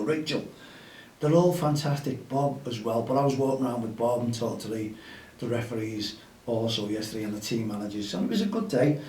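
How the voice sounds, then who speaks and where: A man's voice: mid-range voice, dark tone. A man chats in an upbeat, rallying way as host of a grassroots football show. He's outdoors and sounds a little distant from the mic. There's a roomy echo around his voice. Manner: chatty and upbeat, rallying listeners. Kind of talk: casual outdoor podcast chat.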